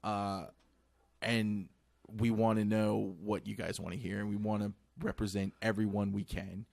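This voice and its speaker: A man's voice: fairly low pitch, little pitch movement, normal speed, gravelly, darkish tone, dry recording. A man hosting a casual radio show, talking earnestly and rambling with restarts, slightly out of breath.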